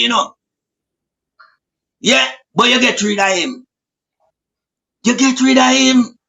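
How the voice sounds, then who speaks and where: A Jamaican man delivering an impassioned political rant, often shouting with a fiery, preacher-like cadence. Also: very high voice, vocal fry, rough recording. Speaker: commentator.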